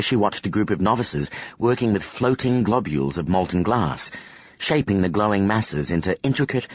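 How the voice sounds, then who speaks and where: Fantasy audiobook narrator: low, husky male voice, very animated delivery, dry and dull sound.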